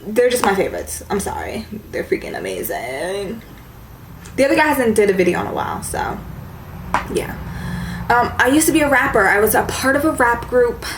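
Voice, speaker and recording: A woman's voice: on the high side, very animated, moderate pace, a little hiss or hum. A young woman chatting casually to camera as a beauty vlogger, with a valley-girl lilt and lots of "like". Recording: echoey room with faint ambience.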